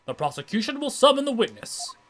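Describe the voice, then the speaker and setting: A man's voice: extremely high pitch, big pitch swings, brisk, fairly bright tone, a little hiss or hum, pitched above the performer's own voice, exaggerated voice. Smug prosecutor with a weak German accent, as a man puts it on. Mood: haughty.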